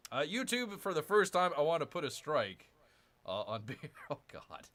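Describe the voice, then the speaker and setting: Casting note: lively male game streamer, bright and animated, chatty, talks straight to his viewers. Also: a little high, normal speed. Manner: excitable, chatty, keeps addressing viewers as "people". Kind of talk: casual livestream chat.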